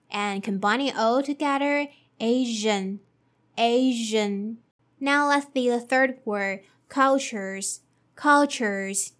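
Slow, careful woman teaching pronunciation. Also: a little high, a bit bright. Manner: slow, careful, drills sounds by repeating them. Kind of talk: pronunciation lesson.

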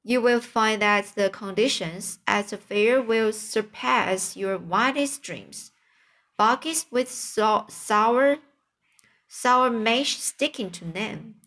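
A woman's voice: on the high side, slow pace, a bit bright. A woman voicing a knowing old sheep, persuasively listing treats in a storybook reading.

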